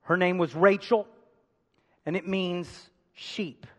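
A man preaching a sermon, calling out to the congregation for responses and swinging between loud emphasis and hushed asides. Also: sits high, steady tone, takes it slowly. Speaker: pastor. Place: large church hall. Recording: long hall reverb.

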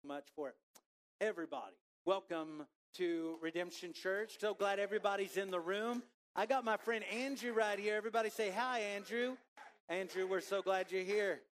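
Pastor guy with a high voice, chatty sermon in a church, cracks jokes w the crowd. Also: normal speed. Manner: conversational, joking with congregation. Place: church auditorium.

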